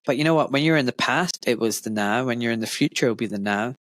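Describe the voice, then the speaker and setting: A man's voice: mid-range voice, fast, dry recording. A middle-aged man hosting a podcast interview, talking in an enthusiastic, rambling way. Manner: enthusiastic, rambling, animated retelling. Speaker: podcast host. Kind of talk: casual interview chat.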